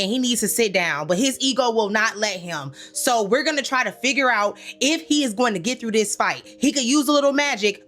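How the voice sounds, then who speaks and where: A woman hosting a comedic recap commentary, sassy and slangy, talking straight to her listeners and scolding the characters. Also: fairly high pitch. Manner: animated, sassy, talks back to characters in quoted asides; slangy, addresses listeners as y'all.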